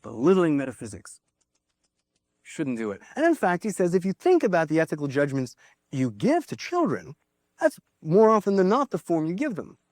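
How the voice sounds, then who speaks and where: A man's voice: sits high, wildly swooping pitch, fairly quick, darkish tone, dry recording, studio quality. A man giving a philosophy lecture to a class, thinking aloud with small restarts and asides.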